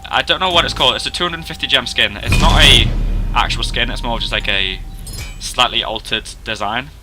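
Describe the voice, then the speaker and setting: A man's voice: mid-range voice, a little fast, over music, rough recording. A young man casually narrating a video game, chatty and self-deprecating, rambling as he goes through the features. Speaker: gaming video host. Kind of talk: casual gameplay commentary.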